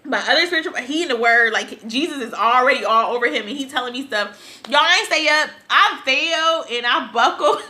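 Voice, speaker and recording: A woman's voice: a little high, moderate pace, bright, forceful tone. A woman vlogger telling a personal story, tearful and rambling, laughing through her tears.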